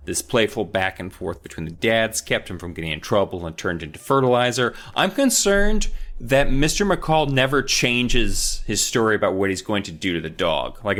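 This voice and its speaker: Animated man reading aloud with comic flair. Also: on the low side. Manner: animated, joking, reads aloud with voices. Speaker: podcast co-host. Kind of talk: comedic story recap and read-aloud.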